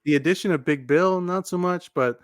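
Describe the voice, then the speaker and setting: A man co-hosting a wrestling podcast, laying out his views in a steady, measured way. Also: sits high, no room sound, studio quality. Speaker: podcast co-host. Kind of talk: casual podcast chat.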